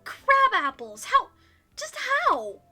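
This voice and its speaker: A woman voicing an excitable young witch heroine in a dating-sim game, with an exclamatory, flustered delivery. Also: fairly high pitch, normal speed, faint music behind. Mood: outraged.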